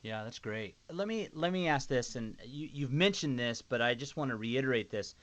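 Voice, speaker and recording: A man's voice: medium pitch, lively intonation, normal speed. A man hosting a conversational interview, affirming his guest and asking practical follow-up questions. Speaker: podcast host.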